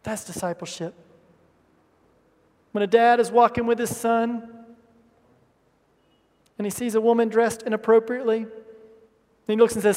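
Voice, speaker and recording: A male pastor delivers a sermon with passion, rising into loud, emphatic bursts and then dropping to hushed asides. His voice sits very high for a man. A long reverb hangs behind every line, as in a large church sanctuary. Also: fairly even intonation, normal speed, pauses often.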